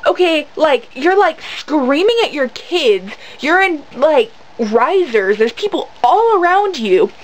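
High-voiced woman ranting. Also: sing-song, slow, hardly any pauses, a little hiss or hum, rough recording. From United States. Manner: rambling and full of fillers, indignant. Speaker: vlogger. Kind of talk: casual storytelling rant to camera.

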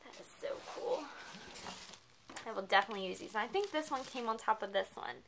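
A woman craft vlogger chatting casually as she unboxes a gift package, gushing and excitable, often gasping with delight. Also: fairly high pitch, a little fast, slight background noise.

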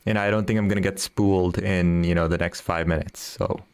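A man's voice: deep voice, fairly even intonation, brisk, clear, resonant tone, dry recording. Chatty man streaming a fishing game. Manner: chatty, laughs often, reads viewer messages aloud. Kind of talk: casual live-stream chat.

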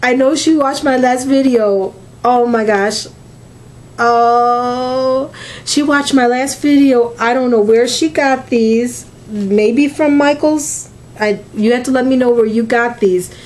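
A woman's voice: on the high side, slow, a little mellow. Gushing woman opening mail. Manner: gushing, emotional, near tears. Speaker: crafting vlogger. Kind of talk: casual mail opening vlog.

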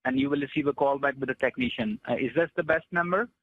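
A man's voice: fairly high pitch, fast, a little hiss or hum. A man answering as a call agent, working through scripted questions. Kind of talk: phone call. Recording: muffled phone line.

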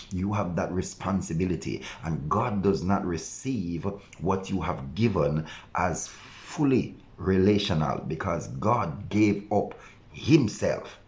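A man's voice: deep voice, expressive, slow, a little mellow, lo-fi sound. A male pastor preaching an earnest devotional sermon, now and then voicing the objections of his listeners.

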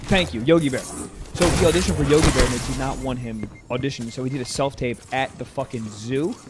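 A man's voice: medium pitch, fairly quick, heavy background noise. A man co-hosting a podcast in casual chat, swearing freely as he tells stories. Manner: profane, loose storytelling. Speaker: podcast co-host.

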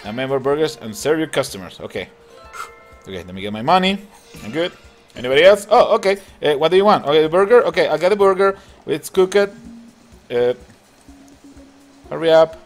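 An excitable man talks through a mobile game, his voice leaping up and down with lots of laughter. He speaks a little higher than most men, with game music playing behind him. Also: fairly quick, pauses often. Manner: excitable, chatty, laughs often. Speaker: mobile game channel host. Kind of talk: casual gameplay commentary.

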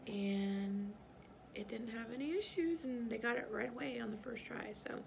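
Woman, vlog mom, soothing and repetitive, gravelly edge, noisy clinic room. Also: a little high, expressive, moderate pace. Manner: soothing, coaching breaths, repeating herself. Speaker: parent vlogger. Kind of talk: vlog chat and soothing a child.

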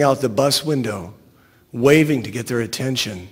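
A man reading a short story aloud in a wry, deadpan storytelling voice. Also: mid-range voice, moderate pace, gravelly, slightly rough, big-room sound. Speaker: narrator.

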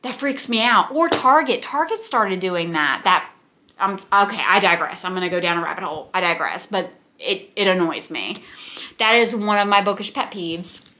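A woman's voice: medium pitch, normal speed, pushed and bright, a little hiss or hum. A young woman from the United States, chatting casually and gushing about books, with rambling asides. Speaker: book vlogger. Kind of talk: casual chat.

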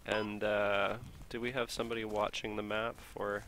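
A man leading a mortar squad over in-game voice chat, talking casually with profanity and halting restarts. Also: lowish voice, level tone, noisy background. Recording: voice chat over loud gunfire.

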